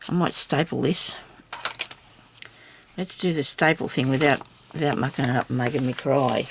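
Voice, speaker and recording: Against a noisy background, a woman with a rumbling low voice speaks at normal speed. Filming a crafting tutorial, she chats casually with herself and her viewers as she works, teasing herself with small laughs.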